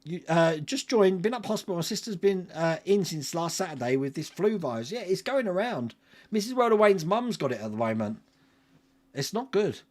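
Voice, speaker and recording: A chatty man in his forties hosts a live stream. His fairly high voice rises and falls a lot as he reads out viewer comments and laughs along with them. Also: sing-song, normal speed. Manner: chatty, laughs often, greets viewers by name. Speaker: livestream host. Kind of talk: casual live chat reading viewer comments.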